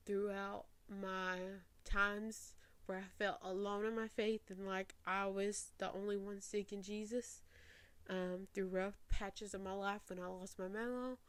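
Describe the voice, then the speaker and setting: Slow earnest young woman near tears. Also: medium pitch, no room sound. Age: 20s. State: holding back tears. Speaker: faith podcast host. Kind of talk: personal reflective talk to camera. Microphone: facing camera.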